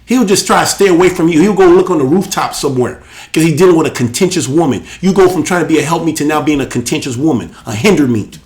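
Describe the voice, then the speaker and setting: A man hosting a live show, preaching with emphatic, animated delivery and laughing asides. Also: high voice. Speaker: host.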